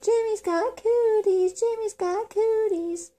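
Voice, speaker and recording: A pushy little schoolgirl in a children's storybook, as a woman reading aloud puts her on. She teases and wheedles in a raised, mellow voice. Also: fairly high pitch, lively intonation, normal speed, vocal fry, pitched above the performer's own voice. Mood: taunting. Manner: teasing, wheedling.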